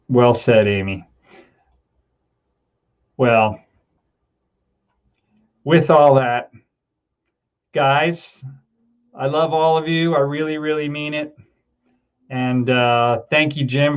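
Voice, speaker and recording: Very slowly and with frequent pauses, a middle-aged livestream host reads out viewer comments in a clear, resonant mid-range voice with fairly even intonation, captured in lo-fi sound. Rambling with many ums, he becomes teary, laughing between words while thanking his viewers.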